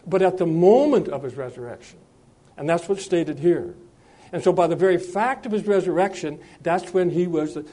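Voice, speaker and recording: A man delivering a sermon in a fairly high but mellow voice. He speaks with frequent pauses, fillers and restarts. When he reads scripture he slows down and raises his voice. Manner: measured, with frequent hesitations and restarts. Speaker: preacher.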